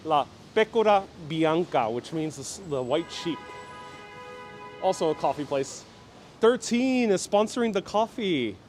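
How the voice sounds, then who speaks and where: A man's voice: a little high, lively intonation, measured pace, a little mellow, soft background music. Chatty man hosting a street tour. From New York City. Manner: chatty, reads viewer comments aloud and answers them. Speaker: walking-tour livestream host. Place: outdoors on city streets.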